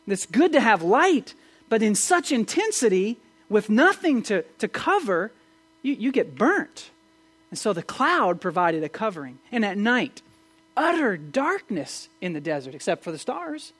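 A man preaching a sermon as pastor, animated and asking his listeners questions, with frequent restarts. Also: sits high, measured pace. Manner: animated, asks the audience questions, many restarts.

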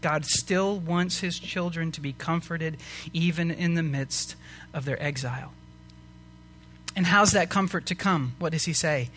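Man, pastor, sermon, earnest, emphatic questions, slightly high voice. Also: measured pace, fairly bright tone, slight background noise. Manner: earnest, rising to emphatic preaching with rhetorical questions.

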